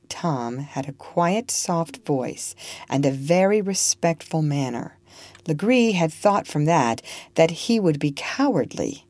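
A woman's voice: low-pitched, animated, slow, darkish tone, dry recording. A woman reading a storybook aloud, acting out the characters with expression. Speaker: narrator.

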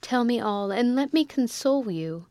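A woman's voice: a little high, lively intonation, normal speed, a little mellow, no room sound. A woman reading the part of a wealthy, impatient and sentimental old lady who coaxes and presses eagerly, in a storybook reading. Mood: coaxing. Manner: eager, coaxing.

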